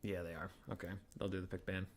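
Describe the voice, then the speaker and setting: A man's voice: low voice, little pitch movement, fast talker, slight background noise. A man hosting a game tournament on a late-night home stream, tired but chatty, swearing casually. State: sleepy. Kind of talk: casual live-stream chat. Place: home at his desk at night.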